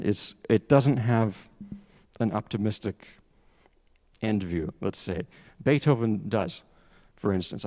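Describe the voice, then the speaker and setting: A man with a somewhat low voice gives a public lecture as a piano teacher. He speaks in a conversational, halting way and often stops to restart a sentence. His voice rings out with a long reverb in a lecture hall. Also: warm tone.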